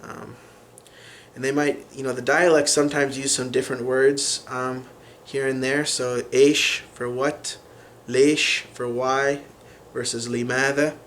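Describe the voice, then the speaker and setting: A man talks through a language lesson at a slow, deliberate pace, and his voice sits at an ordinary middle pitch. He stops often to think, filling gaps with "um" before each new example. A faint background hiss runs under the recording. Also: flat delivery, a bit bright. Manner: unhurried, many fillers and restarts while explaining. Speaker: language teacher.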